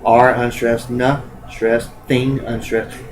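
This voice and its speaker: A man's voice: medium pitch, little pitch movement, takes it slowly, low-quality recording. A man teaching in a recorded lecture, talking informally and using many filler sounds.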